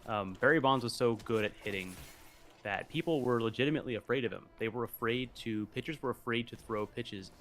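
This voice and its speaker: A man's voice: medium pitch, fairly quick, fairly bright tone. A man chatting casually as a stream co-host, rambling with many fillers and restarts. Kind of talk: casual chat.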